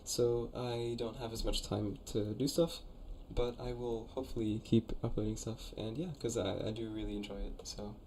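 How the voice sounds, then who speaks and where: A man's voice: on the low side, level tone, normal speed, hardly any pauses, a little mellow, a little hiss or hum. Laid-back young man chatting on stream. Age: young adult. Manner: chatty, laid-back, reads chat aloud. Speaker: streamer reviewing viewers' conlangs. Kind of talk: casual live-stream chat.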